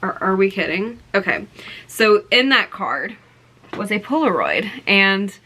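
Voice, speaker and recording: A young woman vlogging to camera, telling an excited story with gushing exclamations and lots of fillers. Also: medium pitch, unhurried.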